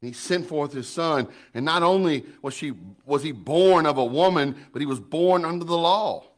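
A middle-aged man preaching a sermon in an animated, folksy way, often repeating words as he builds up. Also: on the high side, normal speed. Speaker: pastor.

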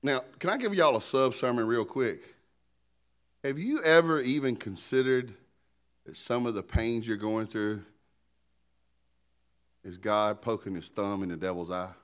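A male pastor delivering a lively sermon, his pitch leaping up and down as he jokes and asks the congregation to answer back. His delivery is loose and conversational, at a middle pitch for a man. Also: measured pace, pauses often. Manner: animated, joking, conversational preaching with call-and-response.

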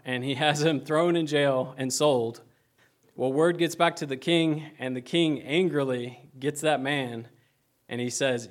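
A young man preaches in a relaxed, conversational way, with plenty of fillers and some self-deprecating asides. His voice sits at a middle pitch and sounds unpolished but sincere. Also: measured pace. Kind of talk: casual sermon.

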